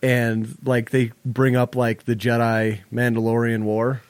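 A man's voice: mid-range voice, level tone, a little slow, clear, resonant tone, no room sound. A young man co-hosting a casual podcast, joking, laughing often and acting out quotes. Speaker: podcast co-host. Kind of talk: casual chat.

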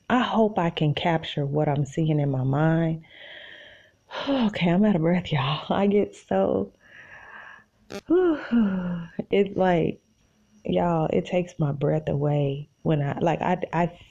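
A low-pitched, gravelly woman hosts a solo podcast from her bed. She talks in an animated, rambling way, cheering herself up as she goes, and her mellow voice comes through a dull home recording. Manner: animated, self-encouraging, rambling. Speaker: podcast host. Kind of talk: casual solo podcast monologue.

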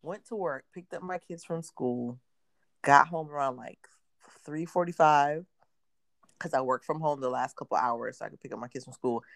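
A rumbling low female voice comes through a dry, clean studio recording. The thirty-something podcast co-host chats casually, animatedly telling stories and voicing quotes.

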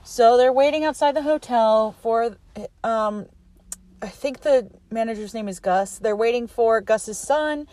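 A woman's voice: on the high side, a little slow, mellow. A young adult woman recapping a movie casually on her podcast, chatty, saying "like" a lot and laughing often. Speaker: podcast host.

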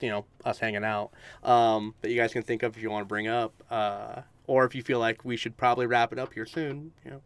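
A man's voice: mid-range voice, clear, resonant tone, dry recording. A man hosting a casual podcast chat, rambling with fillers and laughs.

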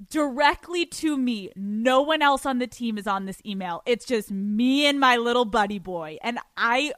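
A woman's voice: a little high, fairly bright tone, no room sound. A young woman hosting a podcast, telling a story in a giddy, profane way and laughing often. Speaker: podcast host. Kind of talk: casual storytelling monologue.

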